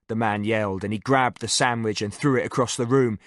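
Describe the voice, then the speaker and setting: A man narrating a military thriller audiobook in a steady, measured storytelling manner. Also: lowish voice, dry recording, clean studio sound. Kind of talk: scripted narration.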